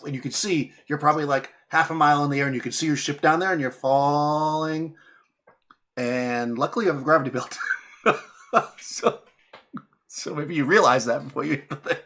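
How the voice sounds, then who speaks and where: A young man running a tabletop game as game master, narrating casually with many restarts and quick laughs. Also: fairly high pitch, bright, forceful tone.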